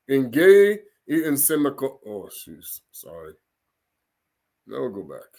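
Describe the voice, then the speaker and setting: Slow, halting man reading scripture aloud. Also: mid-range voice, vocal fry. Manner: sounds out foreign words slowly, syllable by syllable, with chatty asides; laughs and gets animated in asides. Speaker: religious teacher. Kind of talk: informal scripture reading lesson.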